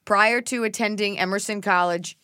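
A young woman from Texas, co-hosting a casual chat, quick and jokey with rambling restarts. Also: medium pitch, fairly even intonation, bright, forceful tone, no room sound. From Texas, USA. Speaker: co-host, actress.

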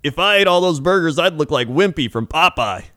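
A man's voice: fairly high pitch, expressive, brisk, a bit bright, pitched above the performer's own voice. Man doing a pushy old trucker, raised voice. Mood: nostalgic. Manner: gruff, folksy, pokes at strangers. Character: chatty old male trucker, pushy and nostalgic.

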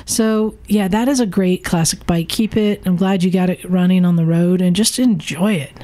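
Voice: mid-range voice, moderate pace, mellow. Podcast host laughing easily. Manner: leads the talk, laughs easily. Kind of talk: casual chat.

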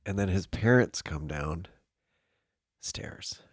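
An animated man spins a wild tale in casual talk, his low voice swooping up and down as he laughs and swears. It sounds dry and close, with no room echo. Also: fairly quick. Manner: animated, breathless storytelling with bursts of laughter and swearing. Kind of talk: casual chat.

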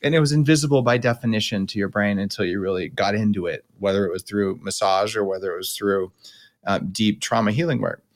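Brisk and fairly low-pitched, this middle-aged male podcast host gives his guest lengthy, plain-spoken, relaxed coaching and explanation.

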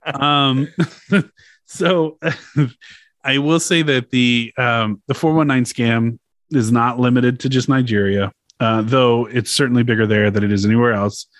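A man's voice: medium pitch, measured pace, dry recording, clean studio sound. A man hosting a podcast, explaining a topic in a loose, chatty way with laughs and swearing. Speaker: podcast host. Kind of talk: casual chat.

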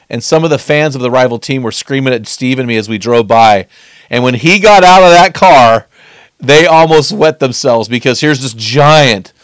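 A man's voice: medium pitch, no echo. Earnest man teaching scripture, dry sound. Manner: earnest, emphatic, stretches key phrases.

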